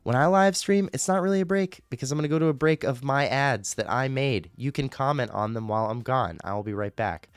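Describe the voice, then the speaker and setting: A man's voice: medium pitch, a little fast, few pauses, clean tone, no room sound. Rambling young man hosting a livestream. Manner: rambling, loose and chatty, with frequent fillers. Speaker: livestream radio host. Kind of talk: casual livestream chat.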